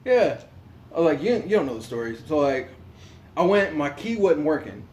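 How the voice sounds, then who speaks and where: A man co-hosting a podcast, telling a story in an animated, profane way, laughing and acting out what people said. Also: a little high, normal speed, roomy sound, dull audio. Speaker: podcast co-host. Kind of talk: casual storytelling among friends.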